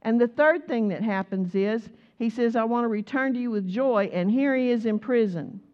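A woman preacher, giving a sermon full of animated stories, laughter and exclamations. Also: a little high, normal speed, lo-fi sound.

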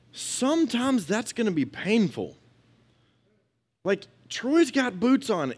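Animated storytelling man preaching a sermon. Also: high-pitched. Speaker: pastor.

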